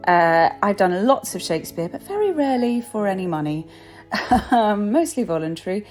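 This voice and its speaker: A woman's voice: mid-range voice, sing-song, normal speed, darkish tone, faint music behind. A woman in her thirties, a stage actor and accent coach, telling a chatty, self-deprecating anecdote with lots of ums. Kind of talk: casual anecdote.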